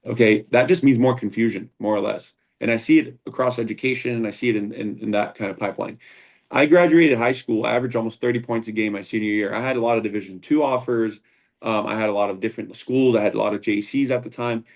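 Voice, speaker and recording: A man with a fairly low voice talks as a guest in a relaxed interview. He tells his stories earnestly and at length, often restarting his sentences. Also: quick pace. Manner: earnest, rambling with frequent restarts. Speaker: founder and combat sports instructor, guest. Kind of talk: casual interview storytelling.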